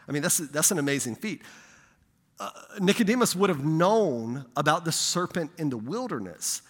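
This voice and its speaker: A man preaching as a pastor, telling a lively personal story in a sermon, growing loud and excited. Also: on the high side, moderate pace, in a large hall. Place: church sanctuary.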